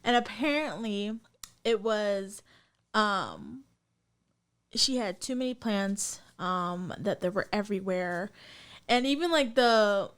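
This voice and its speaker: A young adult woman co-hosting a podcast, telling stories in a loose, rambling way with lots of ums and likes. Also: mid-range voice. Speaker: podcast co-host. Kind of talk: casual chat.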